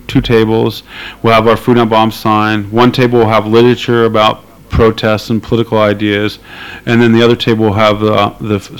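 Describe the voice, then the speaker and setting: A man's voice: medium pitch, smooth, low-quality recording. A man being interviewed, talking casually and hesitantly with many fillers and dry laughs. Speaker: activist interviewee.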